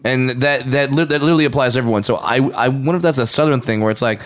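Bantering man hosting a comedy podcast. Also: very fast. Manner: bantering, jumps into silly high voices for bits. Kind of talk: casual comedic chat.

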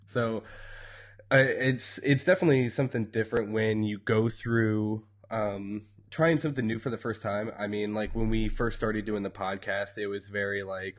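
A man's voice: fairly low pitch, fairly even intonation, normal speed. A man co-hosting a casual podcast, talking in a wry, rambling way with many fillers. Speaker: podcast co-host. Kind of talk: casual chat.

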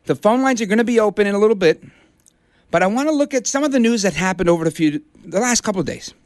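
A middle-aged man from Brooklyn fills in as a talk radio host, rallying his listeners. His voice sits a little high and swings widely in pitch. The studio sound is dry and close. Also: expressive, quick pace, no echo. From Brooklyn, New York. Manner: impassioned, rallying. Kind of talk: conservative talk radio monologue. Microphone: studio broadcast mic.

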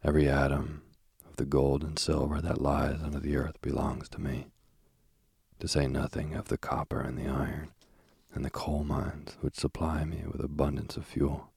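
A man's voice: a bass voice, little pitch movement, normal speed, creaky, darkish tone, husky, dry recording, studio quality, full character voice. A man reading the part of a boastful, coaxing male king of the underworld in a storybook.

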